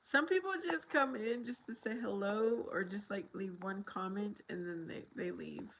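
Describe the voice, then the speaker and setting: A woman's voice: medium pitch, normal speed, gravelly, a bit bright, a little hiss or hum, low-quality recording. An American woman hosting a casual livestream, rambling and chatty as she talks with viewers and laughs often. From United States.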